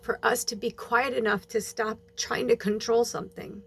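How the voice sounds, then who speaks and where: A woman's voice: on the high side, fairly even intonation, moderate pace, creaky, husky. Emotional woman close to tears. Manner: emotional, swearing, talks through tears. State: holding back tears. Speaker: spiritual medium. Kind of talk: personal monologue.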